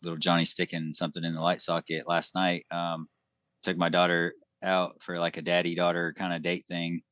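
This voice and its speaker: A man on a casual podcast telling a story about his daughter in a loose, meandering way. His voice sits low and is captured dry, with no room sound around it. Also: monotone, normal speed, a bit bright, dry recording. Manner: anecdotal, loosely strung story with fillers. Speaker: podcast co-host and father.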